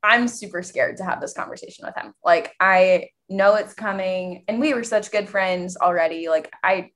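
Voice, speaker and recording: A woman's voice: medium pitch, normal speed, fairly bright tone. A young woman co-hosting a podcast, telling a personal story candidly and animatedly, with many fillers. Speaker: podcast co-host. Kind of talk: casual podcast conversation.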